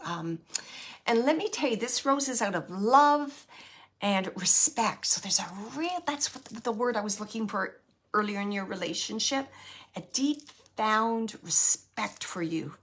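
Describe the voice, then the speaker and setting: A woman's voice: mid-range voice, a bit bright, slightly rough. A woman medium giving a live reading, chatty and searching, with many fillers as she relays messages from the spirit. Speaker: medium and show host.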